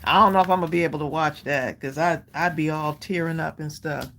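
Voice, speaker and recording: A woman's voice: low-pitched, fairly even intonation, brisk, a bit bright, a little hiss or hum. A woman co-hosting a live crafting stream, laughing and chatting as she works. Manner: giggly, talks while crafting. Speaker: co-host. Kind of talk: casual livestream chat.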